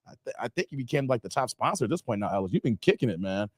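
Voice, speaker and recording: A man's voice: medium pitch, expressive, rapid-fire, breathy edge, no room sound, studio quality. A man hosting a casual livestream, thanking donors and reading chat, playful and laughing often.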